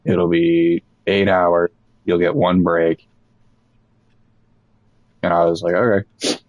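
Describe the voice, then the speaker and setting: A young man casually telling a rambling, profane story about old jobs, animated as he quotes people. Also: low voice, slow pace, dry recording, narrow, tinny audio.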